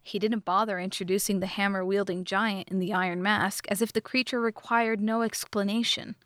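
A woman narrating a fantasy novelization as an audiobook, reading in a steady, measured way. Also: medium pitch, no echo, studio quality. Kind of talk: scripted narration.

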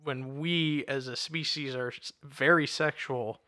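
A man co-hosting a casual podcast chat, speaking in a measured, thoughtful way. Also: medium pitch, steady tone, sharp tone.

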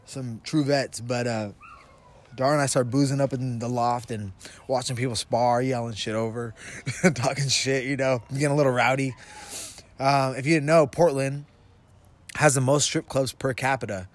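A man's voice: mid-range voice, fairly even intonation, normal speed. A young man from the Pacific Northwest telling a rambling, laughing story on a casual podcast, recorded outdoors in the cold. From Vancouver, Washington. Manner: rambling, laughs through his story, swears freely. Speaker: podcast co-host.

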